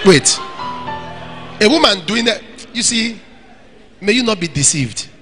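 Lively, high-voiced man preaching. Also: unhurried, over music. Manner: lively, emphatic, acts out quoted dialogue. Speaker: pastor. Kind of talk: sermon with audience Q&A. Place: church hall.

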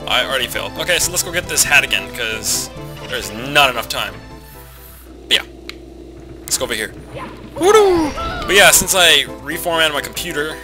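Rambling nasal young man over game music. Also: medium pitch. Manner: rambling, swearing, self-mocking asides. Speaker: let's play commentator. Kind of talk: casual gameplay commentary.

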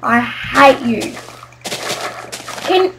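A woman hosting a gaming video, talking through her play in a casual, excitable way and yelling when frustrated. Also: sits high, very slow, creaky, a little hiss or hum, poor audio. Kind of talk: casual game commentary.

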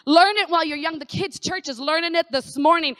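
A middle-aged woman pastor preaching a sermon in an animated, conversational way, repeating phrases for emphasis. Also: extremely high pitch, fairly quick, no room sound, clean studio sound.

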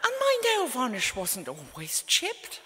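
A woman's voice: fairly high pitch, huge pitch swings, unhurried, heavy background noise, voice pushed up. An English woman, an author, quoting her stern, dry elderly mother in a curt, withering tone on stage. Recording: reverberant hall.

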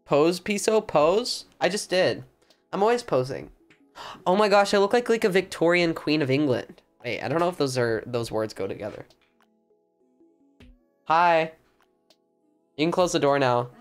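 A woman's voice: sits low, lively intonation, moderate pace, pauses often, faint music behind. A young woman streaming from her bedroom, chatting casually with a hyper, playful, mock-dramatic manner. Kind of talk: casual live-stream chat. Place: bedroom at home.

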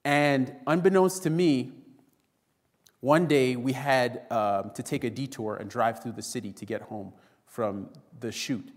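A man's voice: medium pitch, a little slow. A man preaching a sermon to a congregation, telling a story and acting out the voices of the people in it. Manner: storytelling, acts out quoted voices, addresses congregation as friends. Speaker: pastor. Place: church sanctuary. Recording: long reverb in a church hall.

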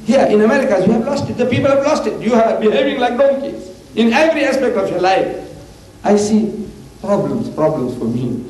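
An older man preaches in a roomy hall, his slightly high voice mellow and dark. He talks animatedly and forcefully, leaping upward in pitch to make his points. A faint tape hiss sits under the archival recording. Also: animated, brisk. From South Africa. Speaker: preacher and debater. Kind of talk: impassioned public lecture.

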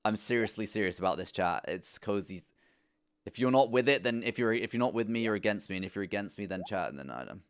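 A young man streaming a farming game live, chatting playfully to his viewers, swinging between low mutters and excited, cooing bursts. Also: a little fast, pauses often, smooth. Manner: playful, talks to chat, coos at his pet.

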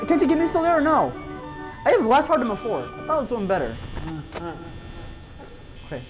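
A woman's voice: mid-range voice, rough recording. A woman giving let's-play commentary on a horror game, panicky, swearing and talking to herself with sudden yelps. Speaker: gamer.

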